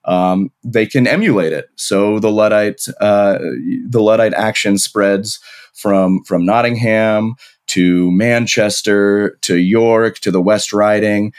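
A man's voice: fairly low pitch, steady tone, takes it slowly, clear, resonant tone. A man, an author guest on a podcast, explaining history in long flowing stories with many restarts.

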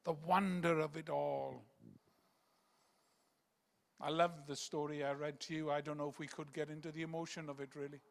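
A man preaching a rambling sermon that swings between loud emphatic bursts and hushed quiet passages. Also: a little high, flat delivery, normal speed, creaky, long pauses. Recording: long reverb of a large hall.

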